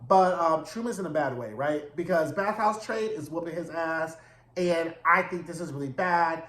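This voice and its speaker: A man recapping a TV episode in a casual monologue, animated, campy and profane in his storytelling. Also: on the high side, moderate pace, echoey room. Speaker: TV recap reviewer.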